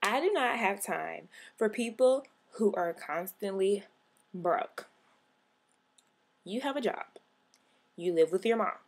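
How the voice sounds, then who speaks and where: A woman's voice: medium pitch, expressive, slow pace, long pauses, husky. A young woman vlogger in a sassy, exasperated comic rant to camera, punching out her catchphrase.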